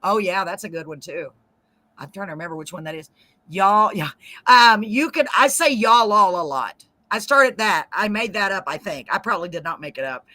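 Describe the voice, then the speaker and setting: Chatty woman host, bright and close. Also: medium pitch, lively intonation, normal speed, dry recording. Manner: chatty, laughs often, Southern slang. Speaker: talk show host. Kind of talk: casual chat.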